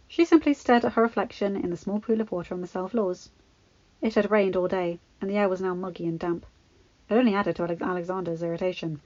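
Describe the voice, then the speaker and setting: A woman reading fan fiction aloud in a steady, expressive storybook narration. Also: lowish voice, fast talker, no room sound, lo-fi sound.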